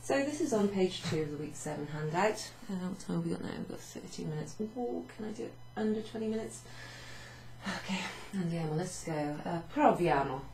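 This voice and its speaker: A woman's voice: lowish voice, expressive, brisk, vocal fry, a little mellow, roomy sound, a little hiss or hum, low-quality recording. A woman language teacher talking through a recorded class summary, chatty and self-mocking, walking through Italian phrases at a whiteboard. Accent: Welsh. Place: home room with a whiteboard. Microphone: camera across the room.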